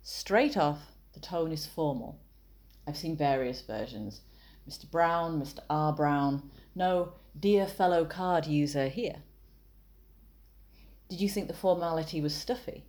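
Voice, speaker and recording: A woman explaining copywriting in a measured, analytical way, with wry asides. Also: deep voice, a little mellow. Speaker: copywriting teacher and author.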